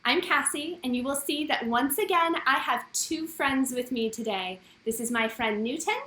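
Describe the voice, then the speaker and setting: A woman's voice: high-pitched, moderate pace, bright, forceful tone. An American woman with a cheerful, welcoming manner, hosting a family story time over a video call. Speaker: host. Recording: roomy echo.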